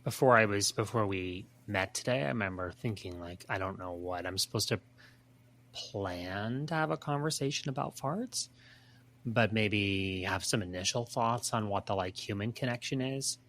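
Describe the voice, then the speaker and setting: A man's voice: lowish voice, normal speed, fairly bright tone, slight background noise. A man speaking as a podcast guest, reflective and thoughtful in casual chat.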